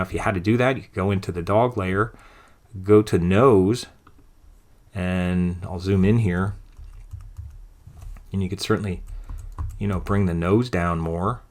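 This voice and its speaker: A man with a lowish voice guides a software tutorial, recorded close to a desktop mic. He talks through each click in a relaxed, offhand way, thinking aloud as he goes. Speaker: design instructor.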